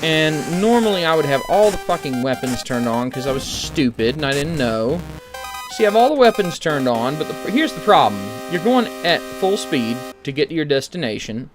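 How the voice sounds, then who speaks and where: A man's voice: on the high side, very animated, moderate pace, over music. A man giving casual, rambling commentary while playing an old computer game, with sarcastic asides. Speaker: streamer.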